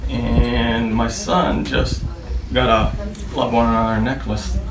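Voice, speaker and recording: A man's voice: medium pitch, slow pace. A middle-aged man giving a casual wedding speech as the father, telling stories with baseball references. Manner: storytelling with baseball references, animated impressions. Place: wedding reception room. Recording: roomy distant mic, noisy reception hall.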